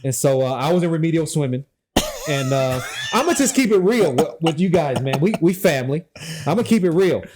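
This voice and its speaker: A man with a slightly high voice tells a story in a loose, laughing, profane way. He is animated and breaks into laughter often as he talks. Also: fairly quick, a crowd in the background. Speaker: guest, former Secret Service officer. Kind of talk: casual storytelling chat.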